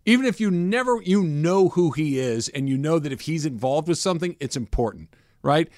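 A man hosting a sports radio show, telling animated stories in casual talk from the studio. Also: fairly high pitch, brisk, dry recording. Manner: animated storyteller, swings up and down in loudness.

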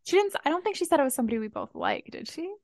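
A woman co-hosting a casual book club podcast, chatty and reactive, often chiming in with quick agreement. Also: high-pitched, sing-song, a little mellow, dry recording. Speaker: podcast co-host.

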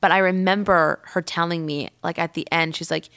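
A woman's voice: on the low side, moderate pace, hardly any pauses, clean tone. Woman hosting her podcast, just rambling thru a story, says like a lot, acts out what people said. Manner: chatty and rambling, heavy use of "like"; lively, acts out quoted people. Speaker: podcast host. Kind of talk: casual storytelling monologue.

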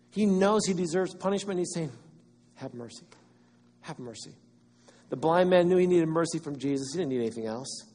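Man, preacher, sermon, husky edge, emphatic rises and quiet drops, long hall echo. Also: on the high side. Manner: animated preaching, rising to loud emphatic cries and dropping to quiet.

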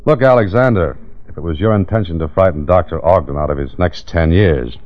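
A man's voice: low-pitched, a little fast, close to an everyday voice. An actor playing a wry male detective who narrates and trades dry wisecracks in a 1940s radio drama. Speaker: hero and narrator. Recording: dull old radio broadcast with music.

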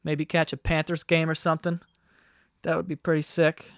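A man's voice: on the high side, monotone, normal speed, creaky, no room sound, clean studio sound. A man in his twenties hosting a solo podcast from his basement room, rambling and swearing casually with self-deprecating jokes. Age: 20s. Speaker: podcast host. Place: basement bedroom at home. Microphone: podcast microphone.

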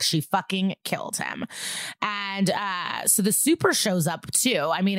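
A woman's voice: mid-range voice, dry recording, studio quality. A woman co-hosting a podcast, recapping a TV episode in a casual, gossipy, sarcastic way with plenty of swearing. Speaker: podcast co-host.

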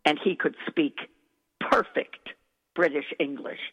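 Her voice sits low, a bit bright with a breathy edge, and she speaks a little slowly. She's a dialect coach telling interview stories effusively and enthusiastically, heard through an echoey, tinny phone-like recording.

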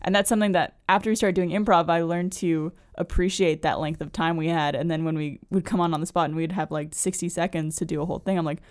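A woman's voice: lowish voice, fairly even intonation, fast talker, few pauses. A woman who performs improv, talking in a casual podcast chat and laughing often.

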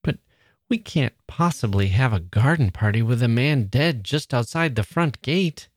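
A man's voice: medium pitch, animated, measured pace, dry recording, studio quality. A man reading aloud, voicing an anxious, tender-hearted young woman who pleads earnestly. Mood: pleading.

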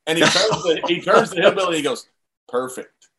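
A man hosting a casual chat, talking relaxed and reminiscing, laughing often. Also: high voice, quick pace.

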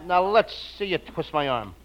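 A man in a comedy sketch, talking in an excitable, boyish way with frequent giggles. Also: fairly high pitch, moderate pace. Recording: muffled old recording with loud hiss.

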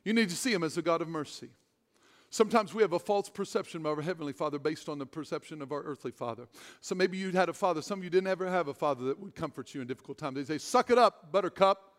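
High-voiced pastor preaching in a reverberant hall. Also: male voice. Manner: swings from loud excited preaching to hushed tender speech. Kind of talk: sermon. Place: church hall.

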